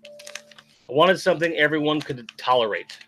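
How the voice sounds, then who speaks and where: A man's voice: fairly high pitch, normal speed. Casual man chatting over background music. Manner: relaxed and chatty, reads out chat messages, swears casually. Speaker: host. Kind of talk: casual live-stream chat while unboxing toys.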